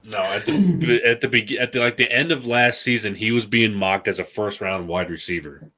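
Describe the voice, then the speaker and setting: A young man with a slightly low voice runs through his team's offseason in loose, casual sports talk. He jumps between sarcastic jabs and easy laughter, clearly loving the banter. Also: moderate pace. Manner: animated, laughing, sarcastic asides. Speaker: podcast co-host, Patriots fan.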